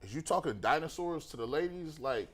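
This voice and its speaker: A man's voice: a little high, lively intonation, brisk, a bit bright. A man co-hosting a comedic sports show, teasing and laughing along.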